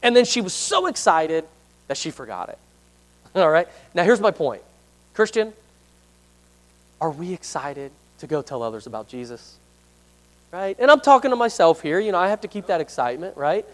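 A man's voice: high-pitched, very animated, normal speed. A man leading a casual Bible study for a congregation, chatty and self-deprecating, often asking the room questions and reading verses aloud.

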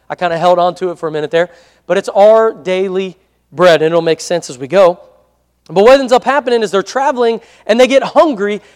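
Male pastor, high voice, chatty sermon, asks for amens, reverberant church hall. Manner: conversational preaching with frequent amen prompts.

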